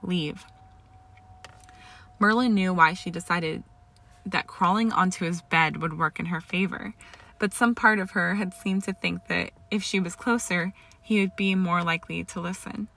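Woman narrating a story, bright and gravelly. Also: on the low side, steady tone, normal speed. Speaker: reader. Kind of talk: storybook narration of fan fiction.

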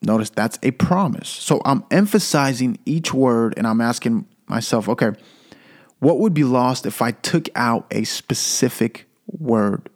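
A man's voice: medium pitch, expressive, unhurried, a little mellow. A man hosting a Christian podcast, giving an earnest devotional teaching and repeating key phrases for emphasis, with occasional stammered restarts.

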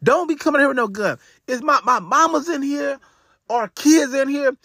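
A man voicing a woman who steps between others and pleads for calm. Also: very high-pitched, moderate pace, no echo, studio quality, pitched above the performer's own voice. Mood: pleading. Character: protective sister pleading for calm.

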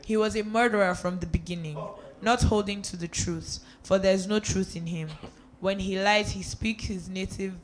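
A reader going through a Bible passage aloud at a steady pace, with a few small slips and restarts. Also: mid-range voice, normal speed, slight background noise. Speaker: scripture reader. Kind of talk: reading scripture aloud.

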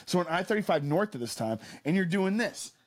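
A man's voice: high voice, animated, brisk. A young man co-hosting a podcast, telling stories in a casual, swearing way and acting out other people's voices. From Texas. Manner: swears a lot, acts out people in quoted voices. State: injured toe. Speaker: podcast co-host. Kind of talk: casual chat.

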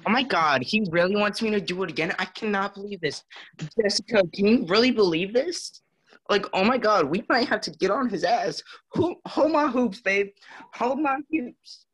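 A man doing a sassy, theatrical feminine voice pitched far above his own. Every line gushes with drama and camp flair, bright and over the top. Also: lively intonation, normal speed. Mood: gushing, dramatic. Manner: exaggerated, gushing, theatrical.

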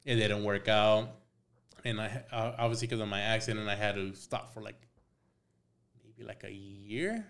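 A man's voice: fairly low pitch, moderate pace, fairly bright tone. A young man, a tattoo artist, telling stories on a podcast in a laid-back way, swearing a lot and acting out quotes. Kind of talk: casual storytelling chat.

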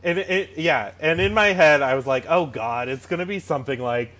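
A man co-hosting a casual podcast, sounding sarcastic and exasperated as he rants about a movie's choices. His voice sits a bit higher than most men's, and he swears casually. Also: a little fast, a bit bright. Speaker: podcast co-host. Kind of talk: casual movie recap chat.

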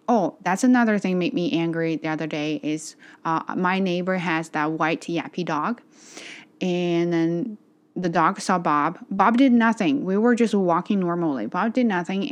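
A woman talks casually to her channel in a slightly low voice. She hesitates often and fills the gaps with ums and uhs as she goes. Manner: hesitant, many fillers. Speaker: vlogger and English teacher. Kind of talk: casual vlog chat.

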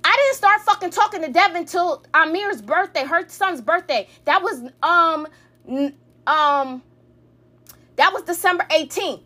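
A woman's voice: very high voice, measured pace, sharp tone. A woman in her thirties telling a personal family story in a heated, profane, rambling way, full of restarts. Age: 30s. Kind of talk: emotional storytime rant.

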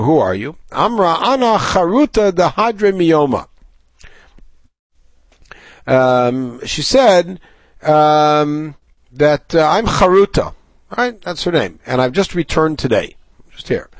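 A man's voice: fairly high pitch, no room sound. A middle-aged man teaching a Talmud class, reading Aramaic aloud and paraphrasing it in English, with fillers and self-corrections.

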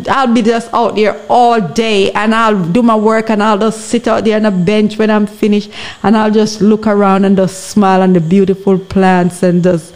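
A woman's voice: mid-range voice, a little mellow. A woman with a Jamaican accent speaking earnestly on a podcast, exhorting her listeners and often checking that they understand her. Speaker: guest. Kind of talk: impassioned podcast commentary.

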